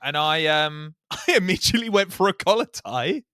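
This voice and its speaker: A man's voice: on the high side, lively intonation, normal speed, pushed and bright, smooth, no room sound, clean studio sound. A man co-hosting a podcast, telling a story in casual chat, laughing often and swearing. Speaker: podcast co-host.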